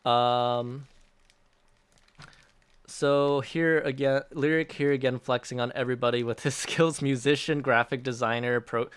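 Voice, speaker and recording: A man's voice: medium pitch, fairly even intonation, measured pace, smooth. Upbeat chatty man on a livestream. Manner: upbeat and chatty, laughs often, stumbles and restarts. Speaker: app developer hosting a release livestream. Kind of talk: casual livestream Q&A, reading out chat.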